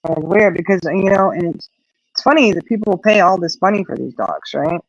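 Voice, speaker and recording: A woman's voice: on the low side, animated, brisk, no echo, dull audio. An older woman hosting a casual chat, rambling through stories with lots of fillers. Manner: chatty, rambling storyteller with many fillers. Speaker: host.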